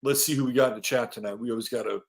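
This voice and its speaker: A man's voice: medium pitch, steady tone, racing, gravelly. A middle-aged man hosting an astrology livestream, chatting casually and reading out greetings from the chat, loose and swearing now and then.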